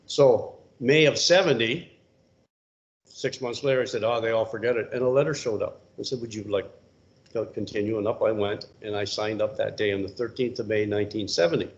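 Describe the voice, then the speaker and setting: Older canadian guy rambling through old army stories, muffled sound. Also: a little fast. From Ontario, Canada. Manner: folksy, rambling, relaxed. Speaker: retired soldier giving a talk. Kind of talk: casual storytelling talk. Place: public library event room. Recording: muffled low-fidelity recording.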